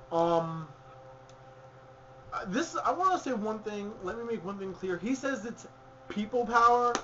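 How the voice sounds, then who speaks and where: A man's voice: high-pitched, fairly bright tone, highs cut off, slight background noise. Opinionated young-sounding man recapping wrestling. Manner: rambling, opinionated, self-correcting. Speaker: podcast co-host. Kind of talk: casual wrestling recap chat.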